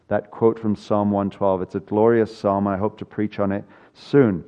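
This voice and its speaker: A man's voice: lowish voice, flat delivery, moderate pace, few pauses, warm tone, smooth, lo-fi sound. An older man preaching a sermon as pastor, earnest with dry humor and emphatic repetition of key lines.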